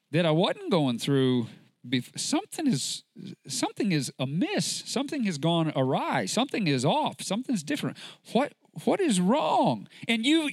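Impassioned male preacher with a high, lively voice. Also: dry recording, clean studio sound. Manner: emphatic, rhetorical questions to the congregation. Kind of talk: sermon.

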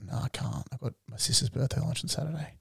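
A young man with a gravelly voice, recorded dry and close in a studio. He talks in a laid-back way and teases his co-host drily. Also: mid-range voice, fast talker, a bit bright, no room sound. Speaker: podcast co-host. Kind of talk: casual chat.

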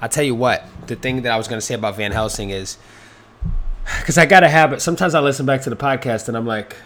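Rambling and profane, the host of this solo podcast fills his talk with fillers and restarts while cursing freely. He speaks fast in a medium-pitched, fairly bright voice.

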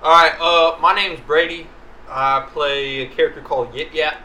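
Casting: a man with a higher voice, sheepish, a tabletop player, faint noise. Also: steady tone, moderate pace, bright, forceful tone, echoey room, rough recording.

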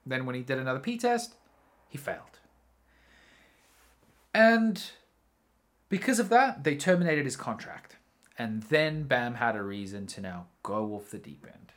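A man's voice: medium pitch, expressive, unhurried, pauses often, fairly bright tone. A man hosting a solo podcast, telling a story in a rambling, casual way, swearing freely and often correcting himself. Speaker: podcast host.

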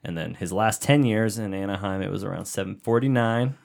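A man's voice: on the low side, fairly quick, creaky. Profane, joking male sports podcaster. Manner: swears often, jokey and animated. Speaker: podcast co-host. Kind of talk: casual sports chat.

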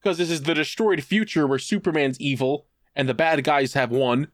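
A man co-hosting a podcast, telling a long story in casual chat. He is animated and profane, and he slips into put-on voices to act out quotes. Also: on the high side, normal speed, no echo, studio quality. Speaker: podcast co-host.

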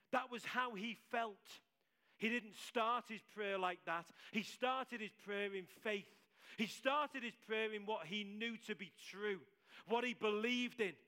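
Bright-voiced, high male preacher in church. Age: adult with several children. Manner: emphatic, repeats key phrases. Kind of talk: sermon.

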